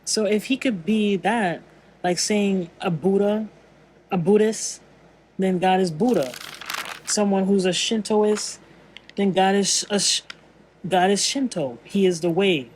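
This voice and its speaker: Earnest, word-searching vlogger musing aloud on faith, medium pitch, faint background hum. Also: unhurried, darkish tone, low-quality recording. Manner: rambling, searching for words, frequent restarts. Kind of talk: casual spiritual monologue.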